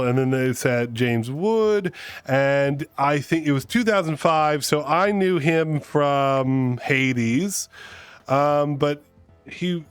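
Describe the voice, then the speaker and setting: A man's voice: medium pitch, clean tone, no echo. A man hosting his live stream, telling rambling, self-mocking stories in a playful, casual way. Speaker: streamer host. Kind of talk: casual storytelling chat.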